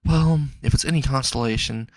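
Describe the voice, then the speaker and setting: A man's voice: mid-range voice, moderate pace, dry recording, close to an everyday voice. A man voicing a young woman held captive, who mocks her captor and then begs him. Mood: defiant pleading.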